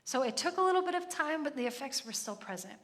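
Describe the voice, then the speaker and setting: A woman's voice: sits high, lively intonation, quick pace. Give me a woman in her thirties preaching conversationally, her voice echoing through a big hall. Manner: chatty, earnest, with asides. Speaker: church speaker. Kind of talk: conversational sermon. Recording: echoey hall.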